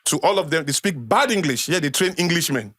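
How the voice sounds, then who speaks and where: A man's voice: a little high, lively intonation, fairly quick, fairly bright tone, slightly rough, no echo. A middle-aged man with a Nigerian accent, a guest speaking with passion on a podcast, emphatic and lecturing, repeating phrases for effect.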